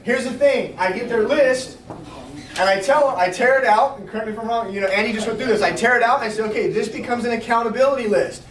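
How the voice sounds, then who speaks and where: A man giving an energetic sales training talk to a small group, checking in often with his listeners. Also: extremely high pitch. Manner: energetic, fast, coaching with repeated check-ins. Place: restaurant meeting room. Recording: roomy, distant, faint noise.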